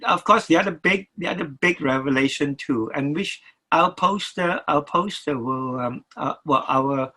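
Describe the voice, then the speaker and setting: An older man, a record producer, speaks as an interview guest in a halting way, often stopping and restarting his sentences and repeating words. His voice is fairly high, pushed, and bright, and the audio is poor.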